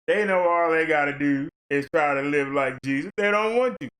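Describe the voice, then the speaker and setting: A man's voice: fairly high pitch, normal speed, fairly bright tone. Fervent, preachy man on a livestream. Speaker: livestream commentator.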